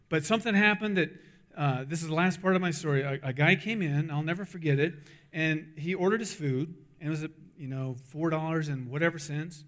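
A man preaching a sermon, telling a story and acting out the voices in it, then pleading earnestly with his listeners. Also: on the high side. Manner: animated storyteller, acts out voices in dialogue; earnest, urgent appeal to the audience. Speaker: pastor.

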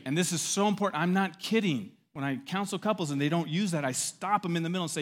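A middle-aged man preaching a sermon with animated delivery, acting out quotes and swelling loud at key points. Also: a little high, quick pace, few pauses. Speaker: pastor.

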